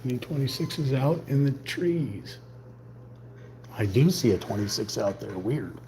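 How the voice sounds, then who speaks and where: Man quietly muttering through a painting session. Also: mid-range voice, expressive, a little slow, a little hiss or hum. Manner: mutters quietly to himself, thinking aloud. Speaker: hobby painter streaming live. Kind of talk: casual running commentary while painting.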